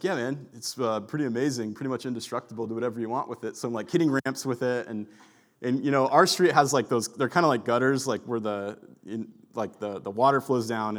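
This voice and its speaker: A male pastor delivering a sermon in a relaxed, conversational style. He tells stories casually, with lots of "like" and filler words. His voice sits at an ordinary middle pitch. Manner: chatty storyteller, heavy use of "like". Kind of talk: sermon with personal storytelling.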